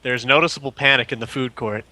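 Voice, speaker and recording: A man narrates a tabletop game as its game master, casual and laid-back. His voice is very bright and forward. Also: mid-range voice, fairly even intonation, fast, no room sound.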